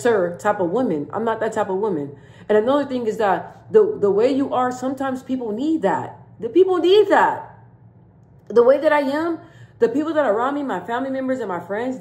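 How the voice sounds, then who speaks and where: An outspoken woman talks straight to her viewers in a casual vlog. Her voice sits at a middle pitch, and she hammers each point home with blunt repetition. The room around her is echoey. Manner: outspoken, blunt and emphatic, repeats points for stress. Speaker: vlogger giving life advice. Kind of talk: casual talk to camera.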